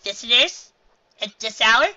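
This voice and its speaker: A woman's voice: fairly high pitch, unhurried, pushed and bright, a little hiss or hum, voice pushed up. A woman voicing a scatterbrained, caring mother mare from a storybook, talking in a flustered, caring way. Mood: cheerful. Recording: dull lo-fi home recording.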